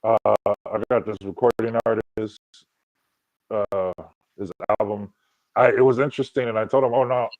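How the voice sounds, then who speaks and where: A man's voice: lowish voice, fairly even intonation, normal speed, darkish tone, no echo, dull audio. A man co-hosting a livestream, telling rambling stories in casual chat. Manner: rambling storyteller, many restarts. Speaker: livestream co-host.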